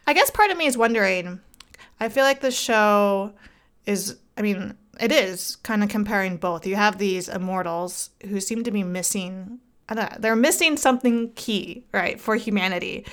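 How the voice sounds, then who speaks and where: A woman's voice: medium pitch, normal speed, a bit bright. A woman co-hosting a casual anime podcast, chatty with many fillers and frequent laughs. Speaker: podcast co-host. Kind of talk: casual chat about anime.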